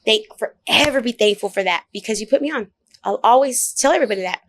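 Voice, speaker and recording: A woman comedian telling a story in a casual interview, blunt and profane, animated as she talks. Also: a little high, fast talker. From Oak Cliff, Dallas area, Texas. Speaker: comedian guest.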